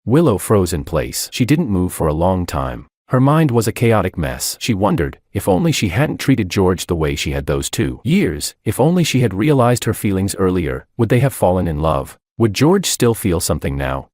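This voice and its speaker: A man's voice: low-pitched, sing-song, moderate pace, hardly any pauses, darkish tone, no room sound, clean studio sound. A man narrating a romance story in first person with dramatic, scripted delivery.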